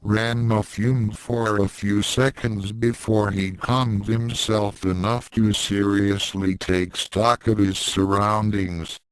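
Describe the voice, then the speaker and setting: A man narrating a fan fiction story in a calm, measured reading. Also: on the low side, clean tone, dry recording, poor audio.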